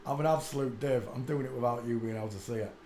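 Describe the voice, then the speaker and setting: A man's voice: medium pitch, fast, dark tone, a little hiss or hum. A man, rambling crudely through a casual live stream and mocking himself. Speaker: host. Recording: echoey room.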